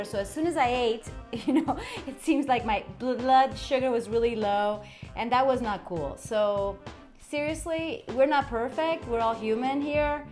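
A woman hosting a motivational podcast monologue, talking in a chatty way, often checking in with the listener and shifting her tone and inflection as she gets excited. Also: a little high. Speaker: podcast host.

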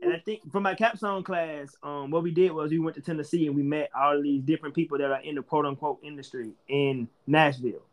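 A man tells stories as a guest on a podcast. His voice sits fairly high, and he talks in an animated way with plenty of swearing. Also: fast, few pauses. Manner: animated, profane storytelling. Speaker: stand-up comedian, podcast guest. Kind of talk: casual storytelling chat.

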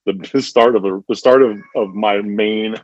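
A man's voice: on the low side, fairly even intonation, normal speed, darkish tone, no room sound, dull audio. A young man, a former delivery driver, telling crude stories in a laid-back, casual way with lots of swearing. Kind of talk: casual chat.

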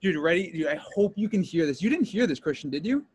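A man's voice: fairly high pitch, animated, quick pace, breathy edge. A man hosting a podcast, telling a story in casual chat and acting out both sides of a call. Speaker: podcast host.

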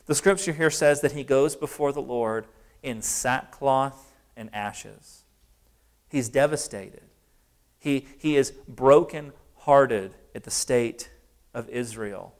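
Male preacher, medium pitch, smooth resonant voice, earnest sermon delivery with slowed emphasis. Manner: earnest, emphatic preaching with slow stressed phrases.

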